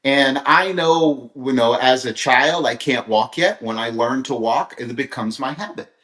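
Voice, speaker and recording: A man's voice: mid-range voice, measured pace, a bit bright, echoey room. Earnest rambling man from Kansas. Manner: rambling, earnest storytelling with many restarts. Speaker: motivational speaker. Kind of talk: live-streamed motivational talk.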